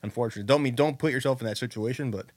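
A man in casual podcast chat, telling a rough story with a lot of swearing and animated energy. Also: medium pitch, very fast, dry recording.

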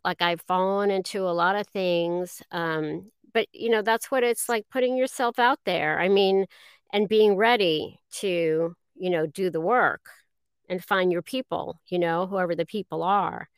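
A middle-aged woman speaking as a guest voice actress in a casual interview, halting and self-deprecating with many fillers. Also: on the low side, smooth, no echo, studio quality.

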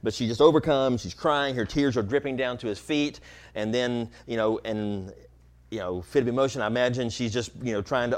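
Middle-aged male pastor, relaxed explanatory sermon delivery, loose and chatty with frequent ums and restarts, mid-pitched voice. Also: moderate pace. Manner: casual, explanatory, many fillers and restarts. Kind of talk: conversational sermon.

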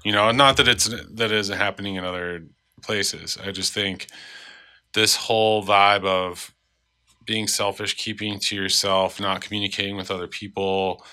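A man with a very bright, forward tone and a slightly low pitch, sounding stuffed up from a cold. He co-hosts a podcast and chats casually, thinking out loud and letting his sentences trail off softly. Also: steady tone, normal speed. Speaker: podcast co-host.

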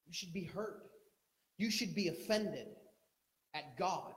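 A man with a high voice preaches a sermon with emphatic, dramatic swings between loud urgency and low intensity, acting out the people in his story. His voice rings out in a reverberant room, like a church sanctuary. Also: animated, slow pace, pauses often. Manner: acts out quoted speech. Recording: echoey room.

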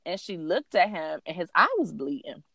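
Woman in her thirties, podcast co-host, animated storytelling, curses freely, lowish voice, dry sound. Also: moderate pace, gravelly, no echo. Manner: animated, profane, heavy on fillers. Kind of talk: casual storytelling chat.

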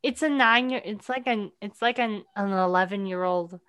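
A woman's voice: medium pitch, normal speed, a bit bright, no echo. A young woman hosting a podcast, chatting casually about a movie with lots of "like" fillers. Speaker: podcast host.

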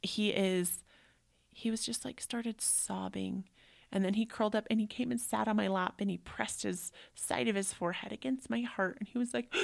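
A woman's voice: mid-range voice, steady tone, moderate pace, creaky, no echo, clean studio sound. A woman in her thirties hosting a podcast, telling a personal story in a conversational, heartfelt way, full of "like"s. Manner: conversational, many "like"s, emotional and heartfelt. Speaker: podcast host.

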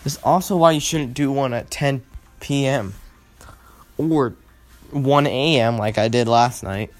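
A man's voice: medium pitch, measured pace. Young man, gameplay commentary, rambling, self-mocking, phone recording, faint music behind. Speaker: mobile game player.

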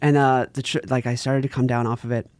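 A man's voice: medium pitch, fast talker. A young man, a podcast guest, telling a story casually, acting out quotes and laughing often. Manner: animated, acts out quoted voices, laughs often.

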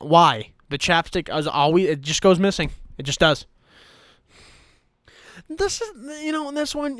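A man's voice: a little high, a bit bright, smooth, no room sound, clean studio sound. A young man doing a profane, exasperated comedic rant as a YouTuber, talking to his own channel. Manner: profane, exasperated, mock-furious. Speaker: YouTuber ranting to camera.

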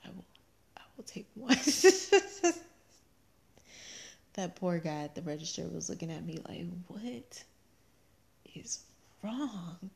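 A pregnant woman co-hosting a casual chat, telling animated stories and laughing often. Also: lowish voice, takes it slowly, vocal fry, long pauses. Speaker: podcast co-host.

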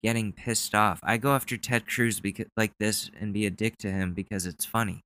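A man's voice: on the low side, steady tone, fairly quick, pushed and bright. A young man hosting a podcast, chatting casually in a rambling, profane way. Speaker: podcast host. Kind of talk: casual chat.

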